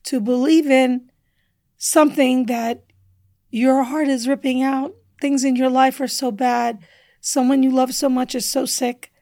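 A woman guest on a podcast telling a personal story with earnest feeling, sometimes dropping to a hushed near-whisper. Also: high-pitched, fairly even intonation, measured pace, dry recording. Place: indoor studio table.

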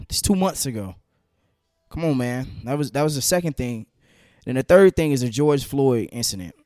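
A man in his twenties hosting a solo podcast, talking in a conversational, slangy way that climbs sharply in pitch when he gets heated. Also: a little mellow, dry recording, studio quality. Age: 20s. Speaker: podcast host.

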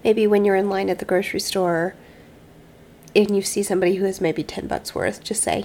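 A woman's voice: medium pitch, steady tone, a little fast, a little mellow. A woman co-hosting a podcast in casual chat, playful and teasing, with dramatic little asides. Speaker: podcast co-host.

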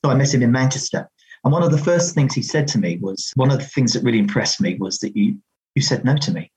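Husky man telling a story. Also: fairly low pitch, poor audio. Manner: animated, acts out quoted dialogue, many restarts. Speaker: radio DJ recalling his career. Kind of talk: casual storytelling.

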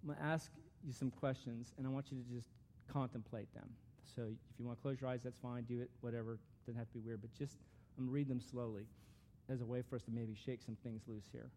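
A man's voice: mid-range voice, fairly even intonation, quick pace, warm tone, slight background noise. A man giving a conversational, earnest sermon as a pastor, with frequent restarts.

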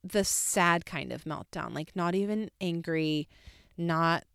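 A woman's voice: on the low side, takes it slowly, gravelly, smooth, no room sound, studio quality. A woman in her thirties, a podcast host, telling a rambling, emphatic story in casual chat with lots of fillers. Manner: chatty, rambling, warmly emphatic with many fillers.

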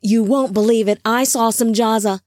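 A woman's voice: on the high side, steady tone, moderate pace, darkish tone, no room sound, studio quality, pitched above the performer's own voice, natural voice. Anami, a woman voicing a headstrong male angel. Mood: eager.

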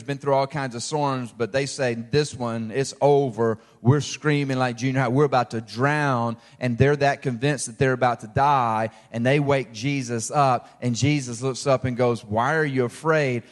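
A pastor preaching a sermon with humor, swinging from shouted peaks to low, intimate tones and acting out quoted voices. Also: male voice, long reverb tail.

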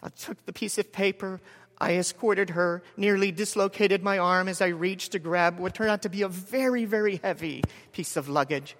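A man in his forties preaching a sermon as a story, measured with dramatic pauses and soft drops. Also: high-pitched. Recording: long hall reverb.

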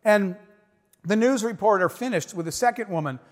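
A man's voice: high voice, animated, moderate pace. A middle-aged man telling a story as a motivational speaker, talking emphatically and directly to his audience. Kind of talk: inspirational stage talk. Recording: long hall reverb.

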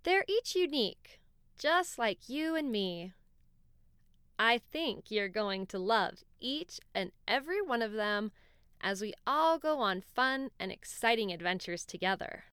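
Gentle, lilting woman storyteller. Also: fairly high pitch, animated, a little slow, smooth, dry recording, studio quality. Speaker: podcast host and storyteller. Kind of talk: storybook narration for children.

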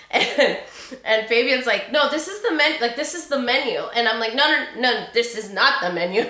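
A woman's voice: fairly high pitch, roomy sound. A young adult woman host telling personal stories in a chatty way, acting out quotes and laughing often. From Sacramento area, California. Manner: animated, acts out quotes, says y'all, laughs often. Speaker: podcast host.

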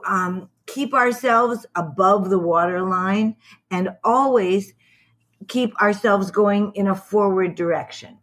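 A woman who teaches karate, thinking aloud with pauses in a relaxed group discussion. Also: mid-range voice. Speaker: karate instructor, panelist.

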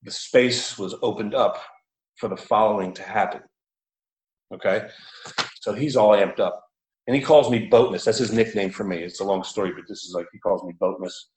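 A man telling a story in an animated, chatty way, laughing often and using many fillers. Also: lowish voice, normal speed. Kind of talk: casual storytelling. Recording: roomy echo.

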